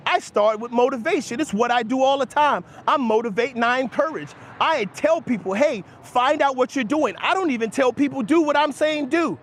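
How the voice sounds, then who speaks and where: A man's voice: moderate pace, few pauses, fairly bright tone, slight background noise. A man hosting a livestream, talking heatedly and emphatically to his chat, calling chatters by name and laughing off their replies while he argues about money. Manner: emphatic, argumentative, rising in pitch when making points. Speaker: livestream host answering chat. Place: outdoors near passersby.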